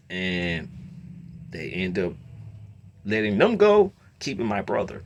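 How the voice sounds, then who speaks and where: A man telling a long story in a casual rant, slipping between low muttering and loud outbursts. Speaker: storyteller host.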